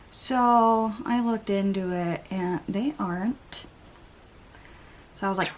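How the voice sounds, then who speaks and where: A woman's voice: mid-range voice, normal speed, slight background noise. Chatty woman vlogger telling a story. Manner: chatty storytelling, exasperated asides, some swearing. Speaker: beauty vlogger. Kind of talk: casual chitchat while getting ready.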